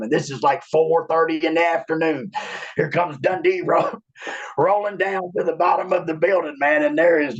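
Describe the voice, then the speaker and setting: A man, a former wrestler telling a long, rambling, profane story in casual talk. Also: a little high. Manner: rambling, profane, with many restarts. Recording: muffled lo-fi audio.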